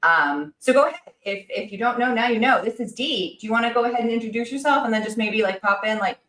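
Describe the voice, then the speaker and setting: A woman hosting a livestream, talking fast and excitedly with lots of fillers and restarts. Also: a little high, reverberant, low-quality recording. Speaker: livestream host. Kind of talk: casual chat.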